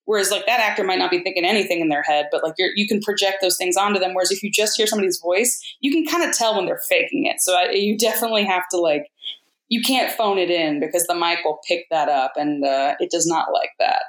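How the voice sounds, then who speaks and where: A woman voice actor talking candidly in a casual interview, animated and quick to mimic people in her stories. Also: fairly low pitch. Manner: candid, animated storyteller who mimics others. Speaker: voice actor guest. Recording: roomy echo.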